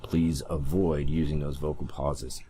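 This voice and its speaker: Deep-voiced male speaking coach, emphatic and instructive, faint noise underneath. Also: flat delivery, a little slow, dark tone. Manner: coaching, emphatic, demonstrates voice changes. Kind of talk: instructional talk.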